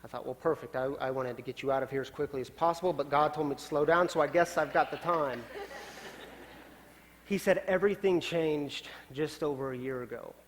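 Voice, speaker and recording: A male pastor telling a story in a sermon, swinging from loud, urgent lines down to quiet, hushed ones. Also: on the high side, moderate pace. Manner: dramatic shifts from loud to hushed. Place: church sanctuary. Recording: long church hall reverb.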